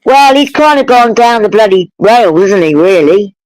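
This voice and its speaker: A woman's voice: medium pitch, lively intonation, normal speed, darkish tone, no echo, poor audio. A woman with a London-area English accent, chatting casually as a guest on a live stream and ending remarks with tag questions. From England. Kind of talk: casual chat.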